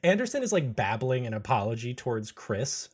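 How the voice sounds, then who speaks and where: A man narrating as game master of a tabletop role-playing game, animated and laughing. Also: medium pitch, brisk, a little hiss or hum.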